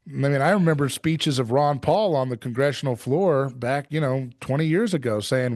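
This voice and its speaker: A man's voice: medium pitch, moderate pace, few pauses, a little mellow, no echo, studio quality. A man hosting a podcast, chatting casually and asking teasing, prompting questions. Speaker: podcast host. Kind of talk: casual interview chat.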